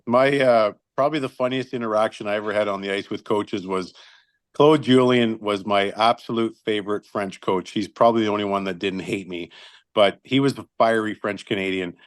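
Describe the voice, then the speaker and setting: A middle-aged man, a retired hockey linesman, telling lively, salty anecdotes in a casual chat. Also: fairly low pitch, brisk, dry recording. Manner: lively storyteller, salty language, chuckles through stories.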